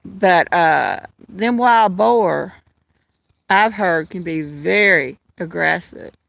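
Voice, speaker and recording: Walking to a field with her kittens, a woman livestreams on her phone and rambles casually to the cats and her viewers. Her voice is lowish, slow, creaky and a bit bright, with no echo.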